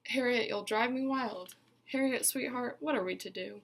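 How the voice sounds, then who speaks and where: A weary, loving mother from a picture book, drawing out her gentle scolding in a slow sing-song, as a woman reads her aloud. The voice sits a little high and has a gravelly edge. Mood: exasperated.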